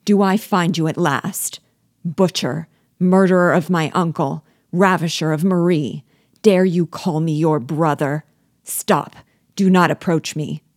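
A woman reading aloud, voicing an enraged young male captive who shouts furious outbursts in a low, dry voice. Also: steady tone, unhurried, dry recording.

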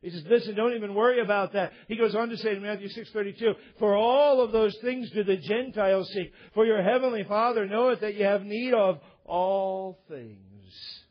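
A man's voice: high voice, moderate pace, few pauses, husky, muffled recording. A man preaching a sermon as pastor, building to emphatic points.

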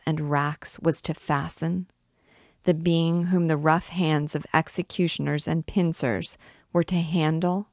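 A woman reading a classic novel aloud as guide, in a slow, deliberate narrating manner. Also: low-pitched, no room sound, clean studio sound. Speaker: book reader and guide. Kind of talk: audiobook reading.

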